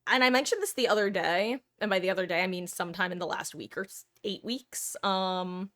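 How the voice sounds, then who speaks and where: A woman's voice: medium pitch, a little fast, fairly bright tone. A woman streamer chatting casually with her viewers, rambling and correcting herself as she goes.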